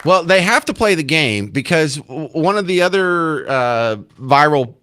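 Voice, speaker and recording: A man's voice: a little high, sing-song, measured pace, pushed and bright, a faint crowd, slight background noise. A male talk radio host commenting sarcastically and acting incredulous at clips.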